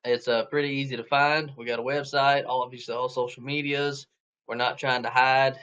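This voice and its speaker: A man's voice: medium pitch, flat delivery, a little fast, fairly bright tone, clean tone, highs cut off. A man in his thirties from northeast Georgia with a Southern accent, a guest talking about his archery shop, easygoing and joking. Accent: Southern American. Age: 30s. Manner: easygoing, laid-back humor. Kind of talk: casual chat.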